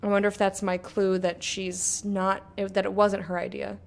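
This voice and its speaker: Gamer girl talking thru her playthrough, chatty, laughs a lot, mid pitch. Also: flat delivery, moderate pace. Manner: chatty, giggly, talking to herself. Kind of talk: casual gameplay commentary.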